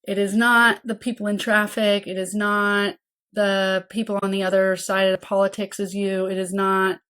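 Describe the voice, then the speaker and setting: A woman's voice: mid-range voice, little pitch movement, normal speed, fairly bright tone, clean tone. Earnest woman coaching listeners, checking in often. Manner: earnest and coaching, with frequent "okay?" check-ins; acts out worried caregivers' inner voices. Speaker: podcast host and mentoring program founder. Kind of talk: casual teaching monologue.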